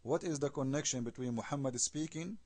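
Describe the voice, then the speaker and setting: A man's voice: mid-range voice, a little fast, darkish tone, no room sound. A man giving an argumentative video commentary, emphatic and scornful, firing off rhetorical questions in non-native English. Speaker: online commentator.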